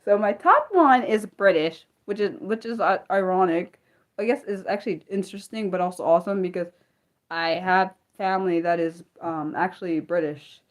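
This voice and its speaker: A young American woman hosting a casual livestream, excitable and apologetic, talking back to her chat with many restarts. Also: lowish voice, moderate pace. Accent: American, Maryland. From United States. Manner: excitable, apologetic, lots of restarts and self-corrections. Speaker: livestream host.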